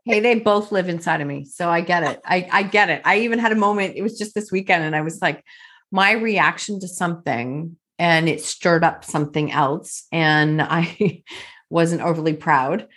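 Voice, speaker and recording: A woman with a lowish, husky voice hosts a casual talk. She listens closely, murmurs agreement often, and relates her own experiences in an easy, reflective way. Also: normal speed. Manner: supportive listener, frequent soft affirmations. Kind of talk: casual conversation.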